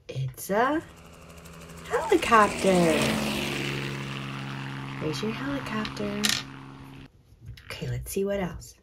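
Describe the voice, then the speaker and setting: Slow, encouraging woman teaching children. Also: mid-range voice, big pitch swings, heavy background noise. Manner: slow, clear and encouraging, drawing out words. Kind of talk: children's lesson.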